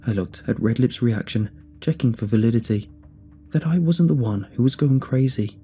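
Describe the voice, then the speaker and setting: A man giving steady, measured first-person narration of a scripted horror story. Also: mid-range voice, husky, faint music behind.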